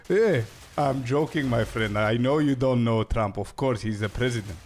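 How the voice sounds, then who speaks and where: A man's voice: medium pitch, measured pace, pauses often, darkish tone. A man streaming a game, chatting casually with viewers in a laid-back, slangy way and laughing often.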